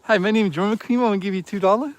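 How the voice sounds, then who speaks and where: A man's voice: sits high, rapid-fire, voice pushed up, natural voice. A man putting on a goofy chipper donor voice. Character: goofy eager male chat donor.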